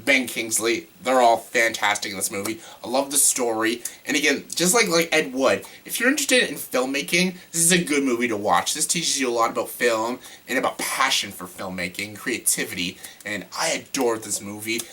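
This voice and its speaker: A man casually ranking his favorite films in a vlog, gushing and excitable, with casual swearing. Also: mid-range voice, moderate pace, few pauses, a little hiss or hum. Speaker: movie reviewer.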